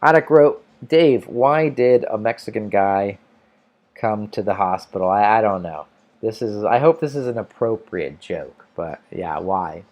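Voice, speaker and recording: A man's voice: on the low side, measured pace, highs cut off. An American man hosting an English-learning livestream, casually answering viewer comments and thinking aloud with restarts. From United States.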